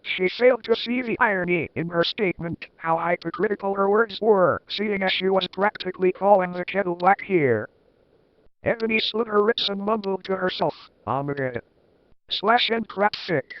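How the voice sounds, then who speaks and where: A man's voice: high-pitched, moderate pace, dry recording. A man giving a comic dramatic reading, with wry, sarcastic asides. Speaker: reader. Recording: dull, lo-fi dry recording.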